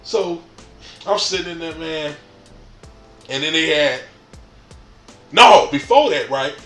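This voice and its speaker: Young man, AAVE speaker, lively storyteller who acts out the quotes; slightly high, bright voice in an echoey room. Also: slow. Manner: animated, laughs often, acts out quotes, says "man" a lot. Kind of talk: casual storytelling. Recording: echoey room with faint music.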